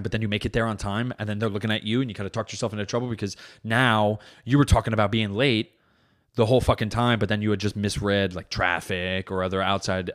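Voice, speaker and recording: A young man hosting his own podcast, riffing through a comic monologue. His voice sits fairly low, and he swears freely and bursts into loud, animated bits. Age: young adult. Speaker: podcast host. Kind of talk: comedic monologue.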